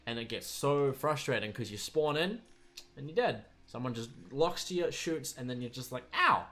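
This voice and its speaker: A man's voice: medium pitch, normal speed. A young man around twenty, a streamer, ranting casually about pet peeves with sarcastic, exasperated asides. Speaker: streamer and video maker.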